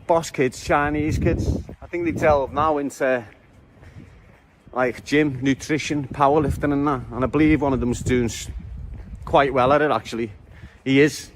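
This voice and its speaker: A man's voice: mid-range voice, fairly even intonation, moderate pace, background noise. A man with a Liverpool accent walking the city streets, talking to his viewers in a cheeky, joking street-vlog style. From Liverpool, England. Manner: jokey, cheeky banter with viewers. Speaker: vlogger.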